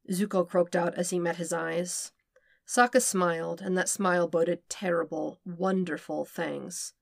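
A woman reading fan fiction aloud with steady, even narration. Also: fairly low pitch, moderate pace, creaky, no echo, clean studio sound. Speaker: podfic reader.

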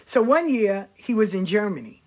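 A middle-aged woman with a husky, slightly breathy voice, talking casually about her past. She is blunt and animated and swears without a second thought. Her pitch sits in an ordinary middle range. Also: normal speed. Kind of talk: casual storytelling.

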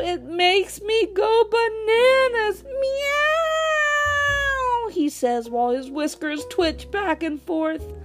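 A woman with a high voice reads a children's story aloud, taking her time over every line. Her delivery is gentle and unhurried, with faint music playing underneath. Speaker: storybook reader.

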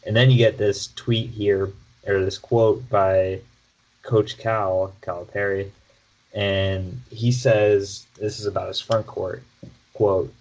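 A man with a fairly low voice talks through a sports update on a podcast. He speaks casually, with plenty of fillers and false starts as he thinks aloud. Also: level tone, takes it slowly, a little mellow, highs cut off. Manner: conversational, frequent fillers and restarts. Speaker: podcast co-host.

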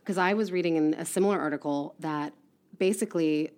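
A woman co-hosting a podcast in casual chat, opinionated and quick to finish her co-host's sentences. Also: low-pitched, darkish tone. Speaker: podcast co-host.

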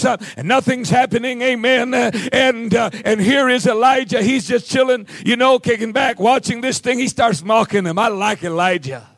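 A male pastor preaching a sermon, dropping amens and hallelujahs between lines and rising into shouted calls. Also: extremely high pitch, moderate pace, few pauses, no room sound.

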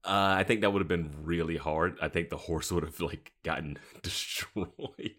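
A man's voice: sits low, steady tone, normal speed, a bit bright. A man co-hosting a podcast in casual chat, easygoing and laughing often. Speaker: podcast co-host.

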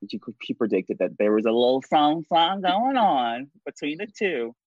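A man's voice: mid-range voice, sing-song, moderate pace, no echo. A man co-hosting a podcast, speaking hesitantly with many uhs and restarts. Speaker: podcast co-host. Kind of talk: casual interview chat. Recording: dull, dry lo-fi mic.

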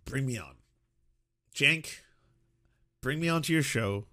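A man's voice: medium pitch, expressive, slow pace, pushed and bright. A man reacting to clips in casual commentary, exasperated and incredulous, swearing and laughing in disbelief.

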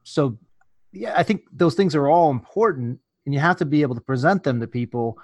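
A man's voice: a little high, expressive, brisk, a little mellow, no echo. A man hosting a podcast in casual chat, joking and rambling as he asks questions. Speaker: podcast host.

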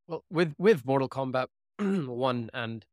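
A man interviewing a guest, supportive and quick to laugh, with short agreeing interjections. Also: medium pitch, darkish tone, dry recording, studio quality. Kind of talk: casual interview.

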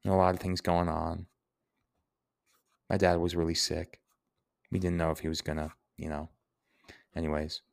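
A man's voice: low-pitched, completely flat delivery, normal speed, vocal fry, pauses often. A young man, hosting a Q&A and answering personal listener questions in an earnest, heartfelt way. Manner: earnest, heartfelt, explains word origins. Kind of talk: reflective Q&A monologue.

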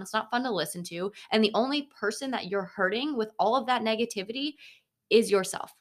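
A young woman hosting a motivational podcast, talking bluntly and swearing freely, with animated asides. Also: on the high side. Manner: animated, slips into mocking voices of others. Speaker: podcast host.

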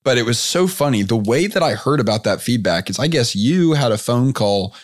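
A man's voice: medium pitch, animated, brisk, no echo, studio quality. A man hosting a podcast interview in a casual chat, talkative and upbeat, laughing often. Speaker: podcast host.

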